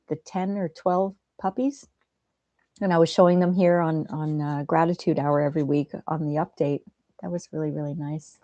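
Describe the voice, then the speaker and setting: A woman hosting a livestream, chatting gently and reading out viewers' comments. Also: deep voice, dry recording, lo-fi sound. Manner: soft-spoken, gentle, chatty. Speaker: livestream host.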